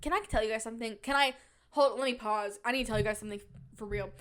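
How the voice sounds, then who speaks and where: High-voiced, rambling young woman podcaster. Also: fast talker. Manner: rambling, animated storytelling with jokey asides. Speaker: podcast host. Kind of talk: casual solo podcast chat. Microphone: podcast microphone on a stand.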